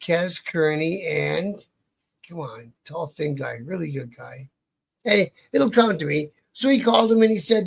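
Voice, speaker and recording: Speaking at a normal speed in a slightly high, creaky, husky voice, this Canadian outlaw biker rambles through a profane anecdote as an interview guest. He keeps cutting himself off and restarting the story in a casual, storytelling way.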